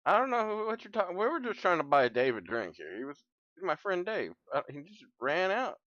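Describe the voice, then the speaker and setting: A man's voice: big pitch swings, a little fast, fairly bright tone, no echo, dull audio. A man playing his character in a tabletop game, pushy and joking. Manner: pushy, jokey, swoops up high when pleading. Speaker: player. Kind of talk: in-character tabletop role-play.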